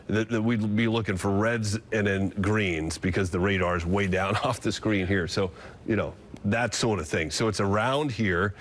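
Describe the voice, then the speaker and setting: A man, a TV meteorologist, giving live severe weather coverage and explaining radar as he goes, with fillers and restarts. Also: lowish voice.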